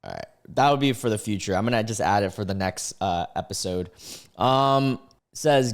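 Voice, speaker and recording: A man's voice: on the low side, big pitch swings, moderate pace. A young man hosting a casual reaction video, laid-back and slangy, often laughing and exclaiming.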